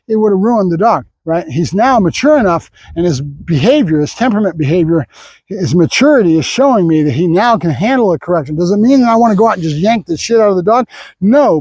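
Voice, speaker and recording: A man training a dog, explaining his method out loud while praising the dog. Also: high-pitched, dry recording.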